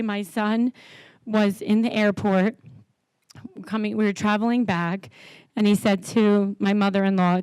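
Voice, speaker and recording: A woman's voice: mid-range voice, a little mellow, smooth, no room sound. A woman in her thirties giving a heartfelt, rambling wedding toast.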